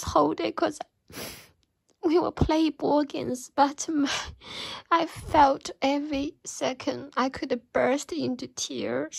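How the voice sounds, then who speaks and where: A woman's voice: high voice, creaky, dry recording, poor audio. A woman giving an emotional religious testimony and prayer, tearful and pleading, often dropping to a whisper. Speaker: Christian believer giving testimony.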